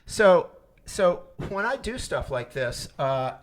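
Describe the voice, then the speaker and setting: An older man runs a lively percussion workshop, explaining rhythm ideas in a loose, chatty way. He stops and restarts his sentences often, with plenty of fillers between thoughts. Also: sits high, slow pace, slight background noise. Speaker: percussion teacher. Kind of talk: interactive music workshop.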